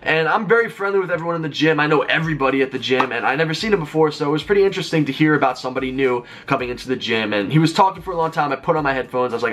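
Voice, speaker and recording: This man in his twenties is a YouTuber recounting a story for his audience, talking fast and chattily with plenty of "like" thrown in. The voice runs on the high side, animated and slightly bright, with a little hiss or hum on the recording.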